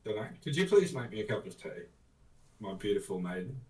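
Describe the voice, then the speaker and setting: A man's voice: on the low side, very animated, brisk, warm tone, echoey room, distant mic, poor audio. A man chatting and joking casually on a livestream. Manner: joking, banter-filled. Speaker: streamer.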